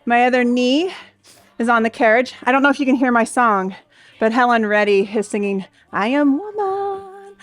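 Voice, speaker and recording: Breathless high-voiced woman teaching Pilates. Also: fairly even intonation, brisk, a bit bright. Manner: upbeat, counting reps with cheering whoops. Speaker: Pilates instructor. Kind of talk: workout class instruction.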